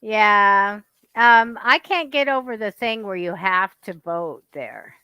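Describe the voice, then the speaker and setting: A woman's voice: mid-range voice, slow pace, clear, resonant tone, no echo, highs cut off. A woman, a guest psychic, telling stories animatedly in casual chat. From United States. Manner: animated storyteller, laughs often.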